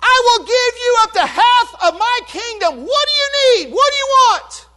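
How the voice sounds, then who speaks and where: A preacher playing a loud, excitable ancient king. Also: moderate pace. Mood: commanding. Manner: loud, high, commanding outbursts.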